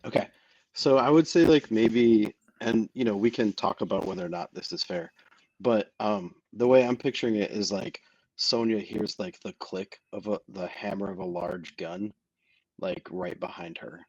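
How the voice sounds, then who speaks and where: A husky-voiced man, pitched low, talks through his character's look in a loose, rambling flow. His speech is dry and close, peppered with fillers. It is a tabletop game player's casual narration. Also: normal speed, darkish tone, no echo, muffled recording.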